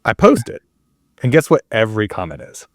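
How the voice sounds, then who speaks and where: A man in his thirties hosting a marketing podcast, telling stories in a casual, animated way with quick asides. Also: lowish voice, no echo, clean studio sound. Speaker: podcast host. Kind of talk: casual interview chat.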